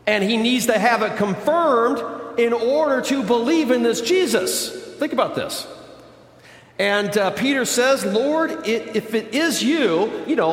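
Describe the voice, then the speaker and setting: A man preaching a sermon as pastor, dramatic, swinging from loud emphatic bursts to low, quiet intensity. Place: large church hall. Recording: echoey church hall with long reverb.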